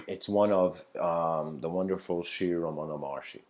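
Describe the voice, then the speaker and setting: A man's voice: deep voice, normal speed, a little mellow. A man giving a spiritual talk, retelling an old story in a loose, conversational way with many fillers and restarts.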